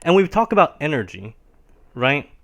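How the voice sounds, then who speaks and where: A man with a fairly high, bright, very animated voice teaches piano on a live stream at a moderate pace. He explains ideas patiently and ends nearly every phrase with a questioning "right?" to check in.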